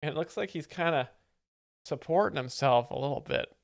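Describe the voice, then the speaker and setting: A man commenting over a comedy clip in a dry, deadpan, mock-analytical way, as if breaking down technique. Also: on the high side, moderate pace, vocal fry, dry recording. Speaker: joke explainer host.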